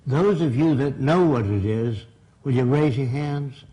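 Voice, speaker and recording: A man's voice: medium pitch, measured pace, dark tone, rough recording. An older man giving a blunt, emphatic seminar lecture to a live audience. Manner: blunt, emphatic, plain-spoken. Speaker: seminar speaker. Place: seminar room.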